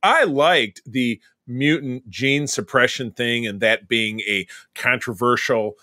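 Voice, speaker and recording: Podcast co-host, male, bright, dry close sound, rambling film recaps. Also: mid-range voice, slow, no room sound. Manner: rambling, recaps scenes in detail. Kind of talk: casual movie discussion.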